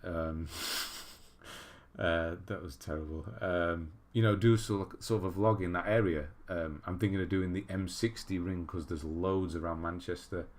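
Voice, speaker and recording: A man's voice: low voice, fairly even intonation, a little slow. A man from England hosting a livestream in a casual, chatty way, reading viewer messages aloud and laughing at himself. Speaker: livestream host reading chat.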